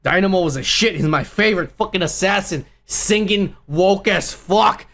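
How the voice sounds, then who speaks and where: Gravelly, foul-mouthed man ranting. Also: high voice, normal speed, a bit bright. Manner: angry, crude, swears constantly. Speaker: podcast host. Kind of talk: profane ranting movie review.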